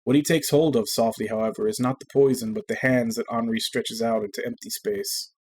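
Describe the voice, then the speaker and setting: A man's voice: mid-range voice, fairly even intonation, slight background noise. Man reading a game story aloud. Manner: measured, earnest reading. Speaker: streamer.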